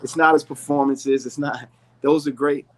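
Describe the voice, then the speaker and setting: A man's voice: fairly high pitch, fairly even intonation, moderate pace, rough recording. A man being interviewed, speaking earnestly and telling a personal story. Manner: earnest storytelling, acts out quoted voices. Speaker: rapper's manager, interview guest. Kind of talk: candid interview conversation.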